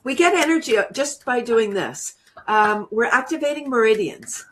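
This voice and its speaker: A woman's voice: a little high, expressive, normal speed, slight background noise. Upbeat woman guiding a laughter yoga demo, laughs a lot, talks to the viewers. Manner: bubbly, laughs often, coaching the viewers. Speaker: laughter yoga teacher, guest. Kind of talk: guided laughter exercise demo.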